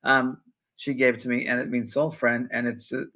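An older man, a spiritual medium co-hosting a spiritual talk show, has a mid-range, sharp-toned voice with level tone at normal speed, in a rough recording. He tells stories casually and rambles, using many fillers and restarts.

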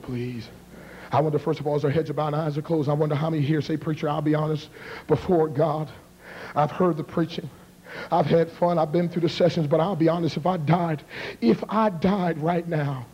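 A man in his thirties preaching a revival sermon and leading an altar call, swinging from hushed whispers to shouted appeals. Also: on the high side, breathy edge. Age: 30s. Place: large church with balcony. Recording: long reverb of a large hall.

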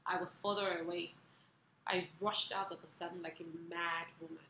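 A middle-aged woman hosts her own vlog and tells personal stories straight to camera, earnest and openly emotional. Her voice sits on the low side but sounds bright and forceful. The room is echoey, with a faint hiss behind her. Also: little pitch movement, moderate pace. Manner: emotional, earnest, lets feeling show. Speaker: vlog host.

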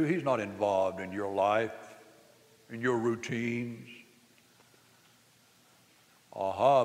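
A man preaching a sermon, telling a story that rises to loud, emphatic exclamations. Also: on the low side. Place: camp meeting hall. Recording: long reverb of a hall.

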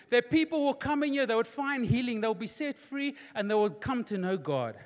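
A man, preaching a sermon as pastor in a large church auditorium, emphatic and repetitive, building to near-shouting. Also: extremely high pitch, animated, a little fast, hardly any pauses. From South Africa. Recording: long hall reverb in church auditorium.

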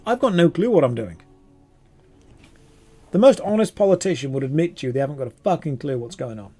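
A man's voice: fairly high pitch, lively intonation, fairly quick, dark tone, breathy edge, faint music behind. Sarcastic British man streaming a game. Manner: sarcastic, rambling banter. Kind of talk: casual gaming stream chatter.

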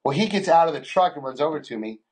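رجل يروي القصص بصوت أجش ضاحك. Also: male voice, a little high, expressive, quick pace, a little mellow, slightly rough. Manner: crude, joking storyteller who swears a lot and laughs often. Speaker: podcast co-host. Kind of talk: casual chat.

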